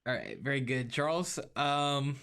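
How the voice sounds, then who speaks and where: A man co-hosting a casual podcast chat, easygoing and quick to laugh, steering the talk along. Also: mid-range voice, fairly bright tone, smooth. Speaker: podcast co-host.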